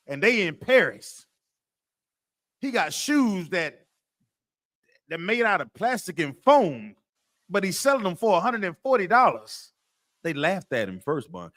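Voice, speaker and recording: His voice sitting high and fairly bright, a man teaches a scripture class through call-and-response quizzing, saying things again to drive his points home.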